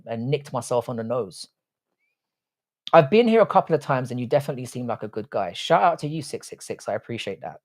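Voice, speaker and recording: A man's voice: mid-range voice, darkish tone. A man hosting a casual live stream, reading chat comments, talking bluntly with frequent swearing and rambling restarts. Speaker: livestream host.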